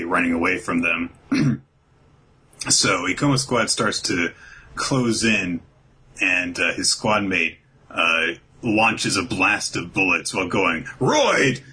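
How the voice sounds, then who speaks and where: A man with a low-pitched, slightly rough voice hosts a podcast, recapping a manga's plot in a relaxed, casual chat at a measured pace. He gets animated, acting out characters' lines and laughing, though the audio is poor.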